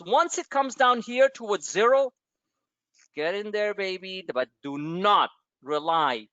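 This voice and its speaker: A man's voice: high-pitched, dry recording, highs cut off. A man hosting a live stock-trading webinar, talking casually with profane asides and rambling stories. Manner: animated, profane, tangents into personal stories.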